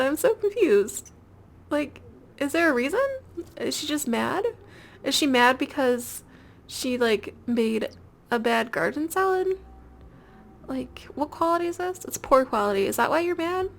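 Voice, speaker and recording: In this let's-play, a young woman rambles through a life-sim game, chatty, giggly and full of filler words. Her pitch sits high and expressive with a slightly bright tone, and she speaks at a normal pace as the gameplay video's host.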